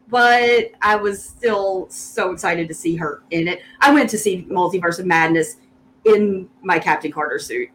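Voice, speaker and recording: A woman's voice: fairly low pitch, slight background noise, low-quality recording. A woman with a Southern US accent in casual podcast chat, talking eagerly and laughing often. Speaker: podcast co-host.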